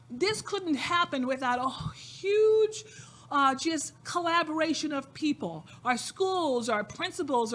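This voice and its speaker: High-voiced woman giving a fundraiser speech. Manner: warm, emphatic, repeats phrases for emphasis. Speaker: nonprofit founder speaking at a fundraiser. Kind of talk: inspirational event speech. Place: event stage with a live audience.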